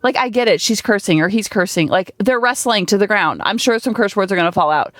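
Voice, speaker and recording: A woman's voice: mid-range voice, brisk, dry recording. Chatty woman podcast host, dry close mic. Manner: chatty, animated storytelling with many fillers. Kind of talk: casual podcast monologue. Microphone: studio podcast microphone.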